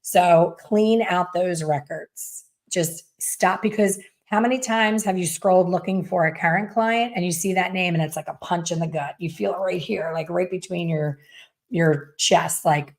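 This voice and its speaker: A middle-aged woman with a lowish voice speaks at a moderate pace. She owns a salon and teaches hair color, and she's giving fellow stylists frank, chatty coaching while acting out what people say.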